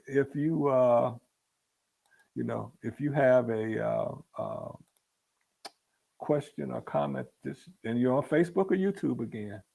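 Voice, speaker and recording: A man's voice: medium pitch, creaky, mellow. A man leading a spiritual book discussion in an earnest, repetitive teaching manner that builds to emphatic peaks. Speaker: book club leader.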